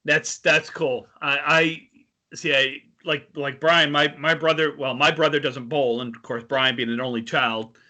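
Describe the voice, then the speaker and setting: A man's voice: medium pitch, fairly even intonation, moderate pace, bright, forceful tone. A man co-hosting a podcast, chatting casually, rambling through questions and laughing easily. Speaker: podcast co-host. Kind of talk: casual interview chat.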